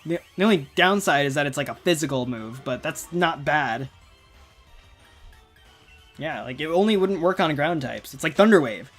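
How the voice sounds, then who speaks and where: A man's voice: on the high side, lively intonation, moderate pace, a bit bright. Chatty young man with faint music. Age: 20s. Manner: chatty, rambling, laughs often. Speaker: gaming video creator. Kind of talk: casual let's-play commentary.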